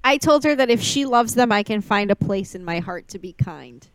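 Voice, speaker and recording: A woman's voice: mid-range voice, expressive, normal speed. A young woman co-hosting a podcast, chatting casually about a movie in a dramatic, joking way and laughing often. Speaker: podcast co-host. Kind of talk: casual chat recapping a movie.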